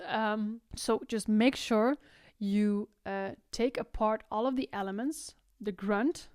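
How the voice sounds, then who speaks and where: A woman teaching singing, explaining technique and breaking into loud, high vocal exercises between her explanations. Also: smooth, no room sound, studio quality. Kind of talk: vocal tutorial with sung demonstrations.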